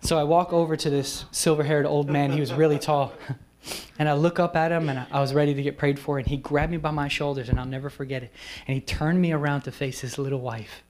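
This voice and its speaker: A man preaching as a guest speaker at a retreat, telling a personal testimony and slowing down for soft, emphatic phrases. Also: a little high, fairly even intonation. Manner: acts out quoted people in whispers and raised voices. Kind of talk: sermon storytelling at a retreat.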